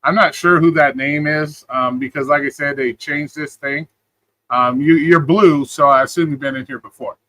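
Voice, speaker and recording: Blunt, bright-voiced male streamer. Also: a little high, steady tone, normal speed, no room sound, low-quality recording. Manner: blunt, repetitive, talks back to clips and chat. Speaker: host of a live stream. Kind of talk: casual live-stream commentary.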